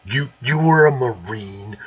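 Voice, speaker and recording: Brief: rambling, jokey male livestream host, bright and fairly high, dull lo-fi sound. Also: lively intonation, unhurried, slightly rough. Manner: rambling, jokey riffs on old movies. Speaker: host of a live aquarium show. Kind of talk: casual chat.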